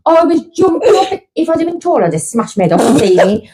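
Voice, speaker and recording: A woman's voice: very high voice, very animated, fairly quick, few pauses, dark tone, poor audio. A middle-aged woman, co-hosting a podcast and gushing through a story in casual chat. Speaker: podcast co-host.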